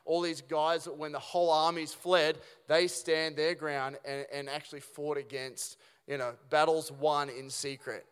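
Chatty pastor in a reverberant church hall. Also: male voice, a little high, little pitch movement, a little slow, few pauses, a bit bright, clear, resonant tone. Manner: casual, conversational preaching with rhetorical questions and restarts. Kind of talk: sermon. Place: church auditorium.

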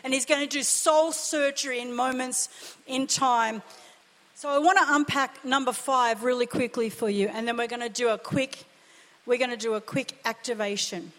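A woman's voice: fairly high pitch, fairly even intonation, moderate pace, fairly bright tone. A woman pastor preaching a sermon with impassioned, emphatic delivery and repeated phrases. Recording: long reverb of a church hall.

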